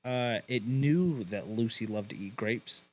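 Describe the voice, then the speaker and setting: A young man recounts a ghost story on a casual podcast. His delivery is relaxed and crude, full of swearing and "uh" and "like" fillers. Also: mid-range voice, a little slow, poor audio. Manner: laid-back, swears a lot, hedges with "uh" and "like".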